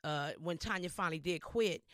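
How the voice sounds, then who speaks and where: A woman's voice: lowish voice, brisk, dry recording. A woman in her fifties from Inglewood, California, a hairstylist telling stories from her career as an interview guest. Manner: animated storyteller acting out quoted voices. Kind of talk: storytelling interview.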